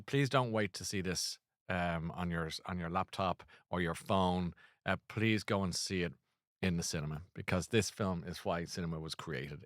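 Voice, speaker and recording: A man's voice: lowish voice, fairly bright tone, no echo, studio quality. A man hosting a casual chat show, rambling and self-deprecating with lots of restarts. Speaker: host.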